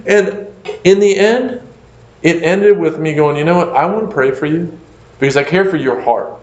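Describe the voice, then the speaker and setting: A man, a pastor, telling a story in a conversational lecture, animated and full of fillers like "like" and "you know". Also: a little high, normal speed. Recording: echoey room, dull lo-fi sound.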